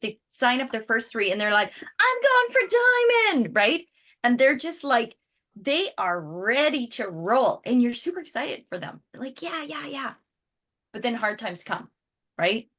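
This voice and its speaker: A woman's voice: mid-range voice, a bit bright. Woman, 30s, team leader. Chatty motivational talk, laughs a lot, restarts sentences.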